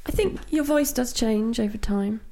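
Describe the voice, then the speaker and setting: A woman's voice: fairly high pitch, moderate pace, mellow. A woman guest on a podcast, chatting playfully and chiming in. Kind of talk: casual comedic chat.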